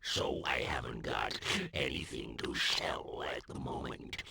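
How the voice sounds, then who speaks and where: An actor playing a sly, hard-luck wine trader in a video game, with a mournful, conspiratorial manner. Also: male voice, very deep voice, measured pace, gravelly, heavily acted. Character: gloomy robbed male wine trader, sly schemer. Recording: lo-fi game audio with hiss.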